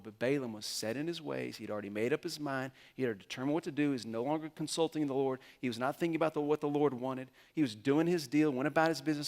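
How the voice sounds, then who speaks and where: A male pastor preaching a sermon in a storytelling way, slipping into the characters' lines as he retells the story. His voice sits a little higher than most men's. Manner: storytelling sermon with lively acted-out quotes.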